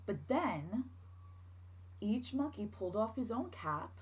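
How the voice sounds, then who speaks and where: A woman teacher reading a picture book aloud to children, expressive and asking them questions along the way. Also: fairly high pitch, slow pace, slight background noise, poor audio.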